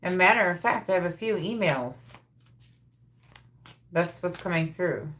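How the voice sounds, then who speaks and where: A woman's voice: lowish voice, lively intonation, unhurried, fairly bright tone, slight background noise. A woman hosting a live psychic reading stream, relaying messages and repeating phrases as they come through.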